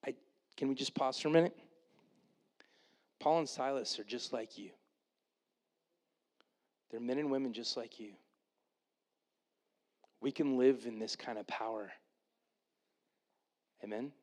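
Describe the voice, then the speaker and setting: Animated male pastor preaching. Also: medium pitch, unhurried, long pauses. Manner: animated, acts out the Bible characters in voices. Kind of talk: sermon.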